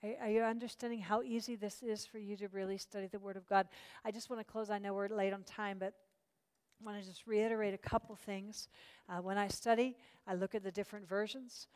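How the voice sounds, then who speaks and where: Bible study teacher in a reverberant hall. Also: female voice, mid-range voice, steady tone, brisk, clean tone. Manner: warm and encouraging, with many fillers and restarts.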